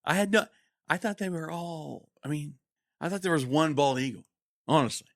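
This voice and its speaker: Oklahoman male co-host, animated and joking, dry close sound. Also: on the high side, normal speed, creaky, no room sound. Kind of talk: casual banter.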